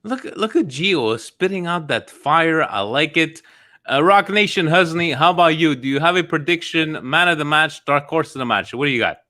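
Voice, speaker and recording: A man hosting a casual podcast chat, lively and upbeat, passing questions to guests. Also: on the high side, normal speed. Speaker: podcast host.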